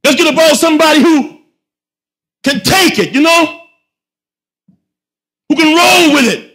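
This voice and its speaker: A man preaching a Friday sermon, swinging from soft asides to shouted rhetorical questions with slangy phrasing. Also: extremely high pitch, lively intonation, measured pace. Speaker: imam.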